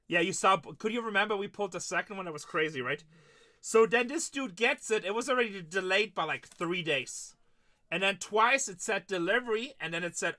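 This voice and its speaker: A man's voice: sits high, brisk, sharp tone. A man hosting a live card-break stream, chatting casually and retelling stories of his conversations with customers.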